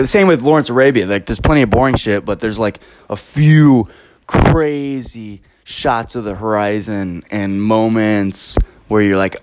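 A man's voice: lowish voice, measured pace, a little hiss or hum. Profane young man ranting solo. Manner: profane, emphatic, rambling. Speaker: podcast host. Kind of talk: solo podcast rant.

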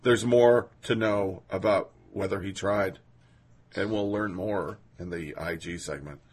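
A man's voice: deep voice, steady tone, measured pace, a little mellow, husky. A man hosting a political commentary podcast, reading quotes aloud with sarcastic, indignant asides. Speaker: podcast host.

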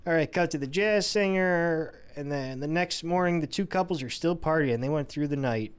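Guy on a movie podcast running through the plot, kinda high voice, smooth and clear, swears a lot. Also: normal speed. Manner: recaps the plot scene by scene, crude and laid-back. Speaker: podcast co-host. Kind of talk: casual movie recap chat.

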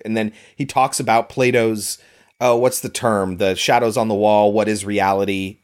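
A man co-hosting a casual film discussion, talking in a relaxed, loose way with plenty of fillers. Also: lowish voice, moderate pace, clear, resonant tone. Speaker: podcast co-host.

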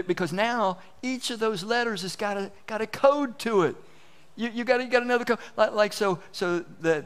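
This preacher's sermon is folksy and conversational, delivered animatedly as he acts out inner voices and keeps restarting his words. His voice is smooth and fairly high in pitch.

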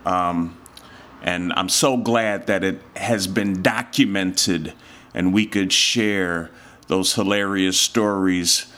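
Slow-talking man radio host. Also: fairly low pitch. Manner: relaxed, reads event listings. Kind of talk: casual radio announcing.

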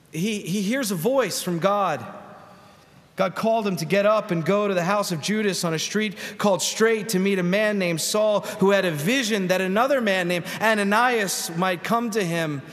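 A pastor preaches in a large church sanctuary, speaking conversationally and posing rhetorical questions to the congregation. His voice sits high and sounds a bit bright, with the long reverb of a church hall.

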